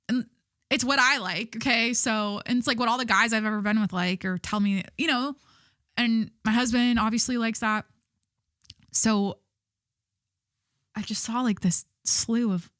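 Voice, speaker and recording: A woman's voice: medium pitch, fairly bright tone, dry recording, studio quality. A young woman hosting her own podcast, chatting candidly and gossiping, swearing freely and laughing at herself. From Southern California. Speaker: podcast host. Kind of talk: casual solo podcast chat.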